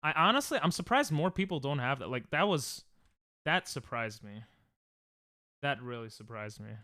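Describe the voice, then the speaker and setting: A man's voice: medium pitch, sing-song, moderate pace, sharp tone, no room sound. A young man chatting casually on a live stream while gaming, joking, laughing often and reading chat aloud from a close desk mic at home.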